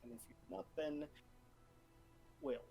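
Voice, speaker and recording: A man's voice: on the high side, expressive, slow pace, creaky, highs cut off, soft background music. A man running a tabletop game as game master, laid-back, laughing often and swearing casually.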